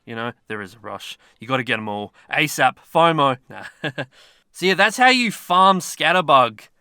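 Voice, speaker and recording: A man talks through a mobile game in a loose, rambling, self-mocking way. His voice is bright and forceful with a smooth, resonant clarity. The sound is dry and close. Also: mid-range voice, big pitch swings, normal speed, dry recording. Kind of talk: casual gameplay commentary.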